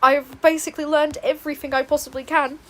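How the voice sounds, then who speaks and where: A woman's voice: high voice, flat delivery, quick pace, a bit bright. A young woman chatting casually with viewers while she draws, rambling with laughing asides. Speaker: streamer and artist. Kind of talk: casual chat while drawing. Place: home room, indoors.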